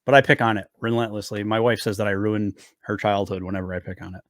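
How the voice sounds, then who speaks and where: A man's voice: on the low side, little pitch movement, quick pace, a bit bright, no room sound, clean studio sound. A middle-aged man co-hosting a podcast, chatting casually with blunt, profane humor. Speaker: podcast co-host. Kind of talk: casual chat.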